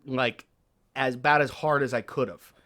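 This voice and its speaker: A man's voice: mid-range voice, normal speed. A man co-hosting a casual podcast chat, telling a story with lots of swearing and acting out what others said, with a New York accent. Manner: animated storyteller, swears often, acts out other people's lines. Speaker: podcast co-host.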